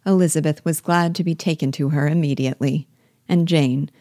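A woman reads a classic novel aloud in a measured, clear storytelling manner. Her voice sits low and mellow. The recording is dry and close, with no room sound. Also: steady tone, no echo. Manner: measured, clear storytelling delivery with light character shading. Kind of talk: audiobook-style literary reading.

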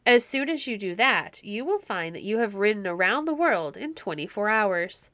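A woman's voice: mid-range voice, very animated, moderate pace, bright, forceful tone, no room sound, studio quality. Woman doing a cheerful, clever shepherd. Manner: hearty, reassuring. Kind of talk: audiobook reading.

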